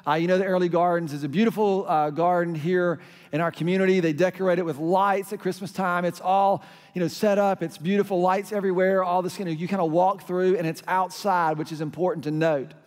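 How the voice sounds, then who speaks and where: A man's voice: high voice, fairly even intonation, brisk. A middle-aged man, preaching a sermon as pastor and telling stories that lead into crowd call-and-response. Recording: hall reverb.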